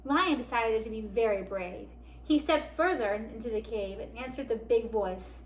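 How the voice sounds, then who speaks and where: A woman librarian reading a picture book aloud to children, expressive and animated. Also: fairly high pitch, moderate pace. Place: library program room. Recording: echoey room, faint background noise.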